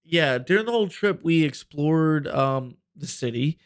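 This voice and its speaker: A man's voice: fairly high pitch, lively intonation, measured pace, clear, resonant tone, no echo, studio quality. A young man co-hosting a podcast, telling a long rambling story in casual chat, full of fillers and swearing. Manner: rambling, profane, filler-heavy. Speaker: podcast co-host.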